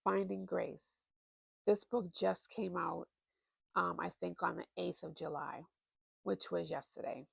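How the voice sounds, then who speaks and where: Gravelly, unhurried woman chatting about books. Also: on the low side, no room sound. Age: adult, married. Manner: chatty, expressive, lots of fillers. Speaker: book vlogger. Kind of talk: casual book recommendations.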